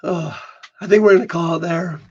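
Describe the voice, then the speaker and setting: This is a man with a hoarse, worn-out voice, pitched slightly high, chatting on a casual livestream. He often trips over his words and repeats himself. The recording sounds dull and lo-fi. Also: fairly even intonation, brisk, darkish tone. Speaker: podcast co-host.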